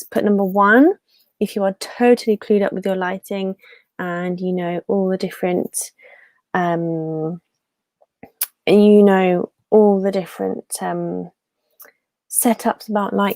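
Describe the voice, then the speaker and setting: A woman's voice: medium pitch, warm tone, no echo. A young adult woman hosting a casual live stream from a room at home, chatty and rambling, with many fillers and restarts.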